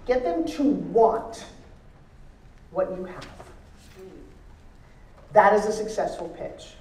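An energetic woman speaker teases and rallies a live seminar audience, mixing jokes with advice. Her voice sits at a middle pitch and carries the roomy echo of a large hall. It sounds picked up from a distance, with faint noise underneath. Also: slow. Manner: energetic, joking, audience-engaging. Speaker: motivational speaker teaching pitching. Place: large event hall on stage.

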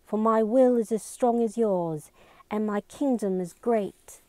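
A woman's voice: medium pitch, slow, warm tone, dry recording, lightly acted. A woman voicing an earnest, determined teenage girl who declaims rehearsed lines with growing intensity, in a storybook reading.

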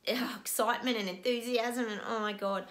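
Lady vlogging, teary and overwhelmed, laughs a lot, kinda high bright voice. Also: fairly even intonation, fairly quick. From Australia. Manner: emotional, breathless, laughing often. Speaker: psychic vlogger. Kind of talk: casual video monologue.

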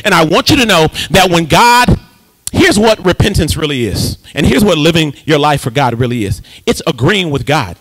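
A male pastor preaching a lively sermon in a church, joking with the congregation and breaking into sing-song call-and-response. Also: a little high, normal speed, poor audio. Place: church sanctuary.

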